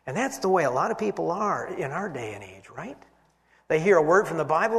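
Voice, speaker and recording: A man teaching scripture as a sermon, his fairly high voice rising for emphasis and falling to near whispers. He acts out the quoted speakers as he goes. The sound carries a long reverb, as in a large hall. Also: a little fast. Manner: animated, voices quoted figures, swings from loud to hushed. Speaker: preacher. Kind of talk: expository Bible teaching.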